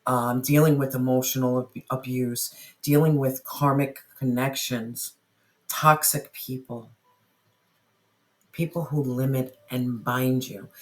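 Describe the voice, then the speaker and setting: A tarot reader giving an earnest reading straight to the listener, often repeating phrases and asking spirit questions aloud. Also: medium pitch. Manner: asks spirit questions aloud while drawing cards. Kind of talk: tarot reading addressed to viewers.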